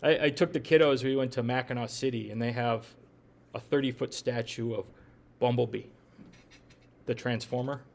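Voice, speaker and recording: A man's voice: medium pitch, steady tone, normal speed, creaky, pauses often. A middle-aged man, giving a folksy, conversational sermon that asks the listeners questions and makes joking asides. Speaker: pastor.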